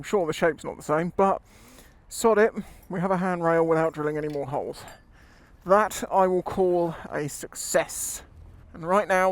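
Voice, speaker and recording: A man's voice: high-pitched, dry recording. A man chatting casually on a motorcycle ride, rambling and laughing easily. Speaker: motovlogger. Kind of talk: casual chat while riding. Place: outdoors on a motorbike in town traffic. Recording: loud road and traffic noise.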